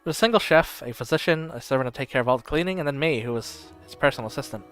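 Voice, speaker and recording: A man streaming and reading a story game aloud in steady first-person narration, with occasional slips. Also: medium pitch, racing, smooth, soft background music.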